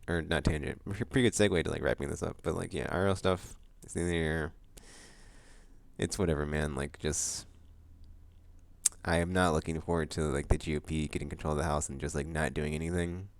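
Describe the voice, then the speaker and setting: A man hosting his monthly vlog, chatting loosely with lots of fillers, restarts and bursts of excitement. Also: rumbling low, vocal fry, no echo. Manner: excitable outbursts about upcoming games. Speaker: vlog host. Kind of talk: casual rambling monthly vlog chat.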